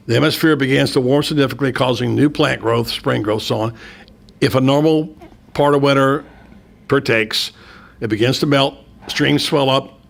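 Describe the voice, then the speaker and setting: A man hosting a local radio talk show in a studio, chatting casually in a rambling way with frequent restarts and excitable asides. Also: mid-range voice, creaky. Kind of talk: casual on-air chat.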